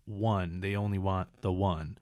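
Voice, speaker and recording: A man's voice: deep voice, fairly even intonation, a little slow, darkish tone, dry recording, studio quality. A young man hosting a casual chat, rambling with many restarts and frequent swearing. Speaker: host. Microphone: headphones.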